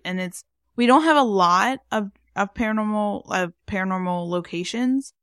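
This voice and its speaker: A woman's voice: mid-range voice, moderate pace, a bit bright, clean tone, no room sound, clean studio sound. A woman paranormal investigator and psychic chatting casually, full of fillers and restarts. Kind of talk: casual podcast chat.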